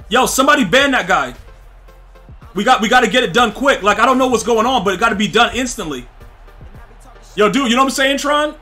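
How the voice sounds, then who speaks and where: A high, bright-voiced man streams a football video game and talks straight to his chat. He talks in loose slang and trash-talks the players, with faint music under him. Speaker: gaming streamer. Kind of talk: casual live-stream commentary.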